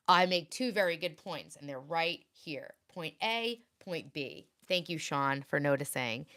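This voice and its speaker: A woman's voice: low-pitched, lively intonation, moderate pace, few pauses, a bit bright. A woman in her late thirties, hosting a casual livestream and chatting and rambling as she reads viewer comments aloud. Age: 30s. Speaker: livestream host.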